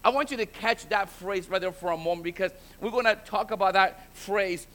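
A man's voice: sits high, fairly quick, a bit bright. A man preaching a sermon as pastor, often repeating and restarting words and building to emphatic exhortation, switching between languages. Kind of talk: bilingual sermon.

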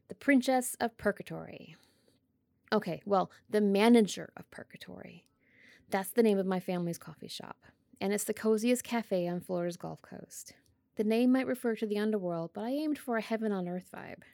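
Gravelly-voiced woman podcast host. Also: mid-range voice, mellow, dry recording, studio quality. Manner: bubbly and eager. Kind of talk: reading a novel aloud.

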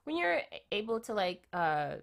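Woman doing a tarot reading, chatty and loose, keeps tacking "right?" on, restarts her phrases, mid pitch. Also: sing-song, unhurried, gravelly. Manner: chatty, keeps adding "right?" tag questions. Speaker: tarot reader. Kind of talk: casual tarot reading talk.

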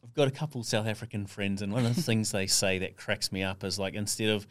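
A man's voice: lowish voice, steady tone, fast, dry recording, studio quality. A young adult man as a podcast guest, rambling as he thinks aloud. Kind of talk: casual interview chat.

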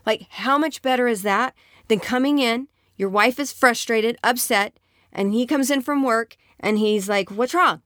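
A woman's voice: on the high side, a little slow, fairly bright tone, no echo, studio quality. A woman speaking earnestly and conversationally, giving relationship advice to other women.

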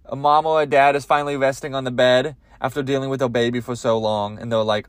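A man's voice: medium pitch, level tone, fast, hardly any pauses, no echo. A man hosting a comedy podcast, ranting crudely in a rambling monologue with lots of swearing. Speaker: podcast host.

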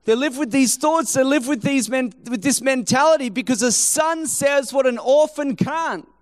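A man preaching a sermon, telling a story in an animated, humorous, conversational way. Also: very high-pitched, moderate pace.

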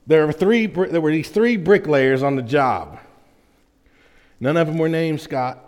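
A male pastor with a slightly high voice, preaching in a relaxed, folksy way. He keeps checking in with his congregation as he goes. His voice rings with the long reverb of a big church sanctuary. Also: unhurried. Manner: folksy, with frequent "right?" check-ins to the congregation. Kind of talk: conversational sermon to a congregation.

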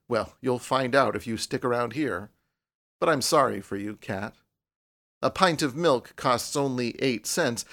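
A man's voice: medium pitch, fairly bright tone. A man reading the lines of a young male artist who talks in a self-important, lecturing way. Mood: rueful. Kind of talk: audiobook character reading.

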